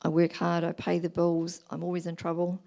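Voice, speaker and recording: A woman's voice: on the low side, completely flat delivery, fairly quick, creaky, warm tone. A woman voicing a tired, defensive husband home from work. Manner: defensive, pushing back.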